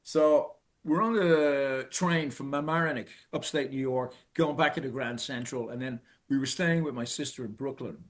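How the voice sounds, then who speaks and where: A middle-aged Irish man telling a personal story in an earnest, halting way, restarting and repeating phrases for emphasis. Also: mid-range voice. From Ireland. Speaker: speaker telling his own story.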